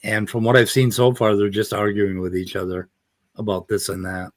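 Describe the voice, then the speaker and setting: A man's voice: fairly low pitch, flat delivery, normal speed, no room sound. A man on a casual panel chat, rambling through an explanation with many fillers. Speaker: co-host.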